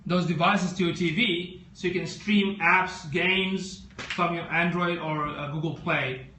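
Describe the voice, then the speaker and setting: A man's squeaky, sharp voice holds a steady tone and measured pace as he hosts a casual live stream on tech products. He's talkative, speaks right to his viewers, and asks them many questions, with a little background noise in the mix.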